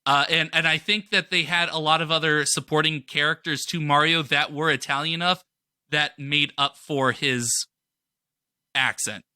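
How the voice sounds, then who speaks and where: A man's voice: a little high, fairly even intonation, normal speed, sharp tone, clean tone, no echo, clean studio sound. A man chatting casually as a podcast cohost, enthusiastic and rambling with lots of fillers. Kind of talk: casual pop-culture chat.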